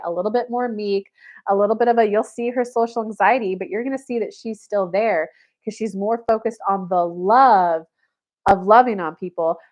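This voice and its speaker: A woman who coaches and gives spiritual readings, telling a story on a livestream about herself in the third person and acting out the people in it. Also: medium pitch. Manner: animated storytelling, talks about herself in third person, acts out quoted voices.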